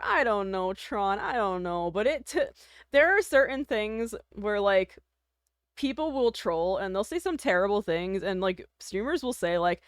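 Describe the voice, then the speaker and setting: A woman's voice: medium pitch, fairly bright tone, dry recording, clean studio sound. A woman streaming live, chatting casually with her viewers, self-deprecating, laughing often and swearing freely.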